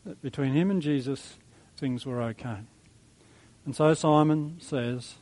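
A man preaching a sermon in a conversational, reflective way, with soft chuckles. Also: medium pitch, a little slow, poor audio. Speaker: pastor.

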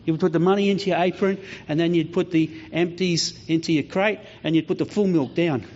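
Here a pastor with a fairly high-pitched voice preaches a little fast. His sermon is full of stories and acted-out voices, delivered in a lively way, and the recording has a slightly dull lo-fi quality.

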